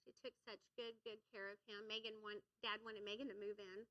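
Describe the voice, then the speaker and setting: A woman's voice: medium pitch, level tone, a little fast, sharp tone, lo-fi sound. A woman giving a sermon in a church, energetically coaxing the congregation to call back and repeat lines. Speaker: church speaker. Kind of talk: sermon with audience call-and-response. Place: church sanctuary.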